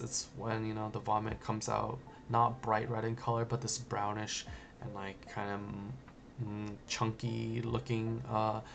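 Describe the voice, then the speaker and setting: A man's voice: fairly low pitch, gravelly, fairly bright tone, a little hiss or hum. A man teaching a nursing exam review in a loose, conversational way, full of "like" and "you know". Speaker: nursing educator. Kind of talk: casual exam review lecture.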